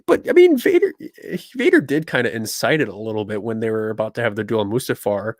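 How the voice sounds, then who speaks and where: A man co-hosting a podcast, chatting in an animated, speculative way. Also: fairly low pitch, fast, no echo, studio quality. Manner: animated, speculative fan talk. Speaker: podcast co-host. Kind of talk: casual chat.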